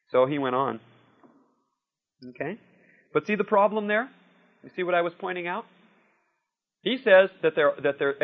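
A man preaching in a relaxed, conversational way who keeps checking in with his listeners. His voice sits a little high and has a gravelly edge, and the recording sounds dull and lo-fi. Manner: conversational, often asks "See?" and "Okay?". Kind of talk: sermon with personal anecdotes. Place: room with a live audience.

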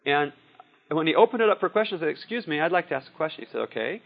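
A man's voice: on the high side, lively intonation, racing, gravelly. A man giving a sermon in a conversational way, telling personal stories and often checking in with "See?" and "Okay?". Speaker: preacher. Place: room with a live audience. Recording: dull lo-fi recording.

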